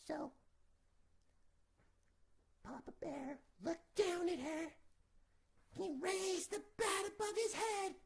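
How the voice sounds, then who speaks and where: A woman's voice: very high voice, measured pace, creaky, long pauses. A woman telling a fairy tale as a comic, improvised retelling in an offhand, giggly way with crude jokes. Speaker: storyteller.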